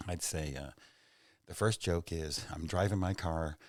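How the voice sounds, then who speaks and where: A man's voice: low voice, unhurried, dry recording. A man from Oklahoma, a comedian guest on a podcast, telling rambling self-mocking stories and jokes in a studio. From Oklahoma, USA. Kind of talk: casual storytelling and joke-telling.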